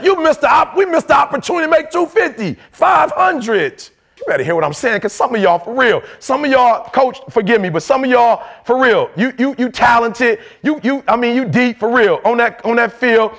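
Man from Detroit, very high voice, gravelly, fiery motivational speech, shouts a lot. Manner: loud, shouting bursts, street slang. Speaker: motivational speaker.

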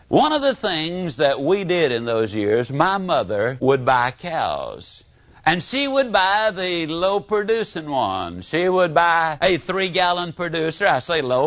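With a fairly high pitch and no echo, an older Southern man from Mississippi works as a motivational speaker here. He animates folksy, humorous anecdotes and dramatizes quotes, all captured in dull lo-fi audio.

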